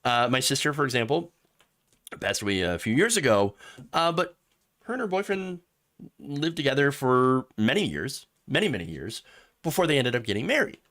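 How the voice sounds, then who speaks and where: A man hosting a live political commentary show, sarcastic and animated, laughing at his own jokes. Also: mid-range voice, moderate pace. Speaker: host.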